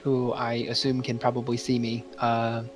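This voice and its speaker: A man playing a tabletop roleplaying game, eager and excitable, laughing often. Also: medium pitch, normal speed, faint music behind. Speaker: player.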